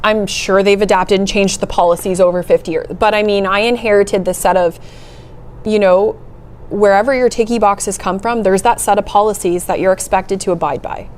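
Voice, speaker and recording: A middle-aged woman speaks as an interview guest at a mid-range pitch, earnest and heartfelt as she tells her story. Soft laughs slip in now and then. A faint hiss of noise sits under her voice. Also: fairly even intonation, normal speed. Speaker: executive director, interview guest. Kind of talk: conversational interview.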